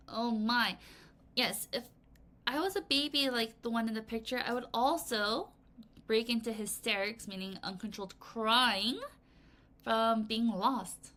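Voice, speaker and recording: Speaking at a measured pace in a mid-range voice, a woman leads a recorded vocabulary lesson for kids. Her explanations are playful and expressive, and she counts the class in before they read aloud together.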